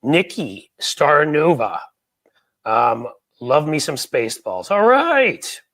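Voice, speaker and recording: Joking, rambling host from New York City. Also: male voice, on the high side, fairly bright tone, no echo. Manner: joking, rambling, self-deprecating. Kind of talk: casual live-stream chat.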